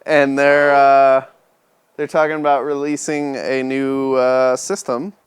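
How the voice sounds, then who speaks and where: A man's voice: mid-range voice, slow pace, clear, resonant tone. Laid-back man co-hosting a game stream. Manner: relaxed, laughs often. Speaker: co-host. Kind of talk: casual gaming stream chat.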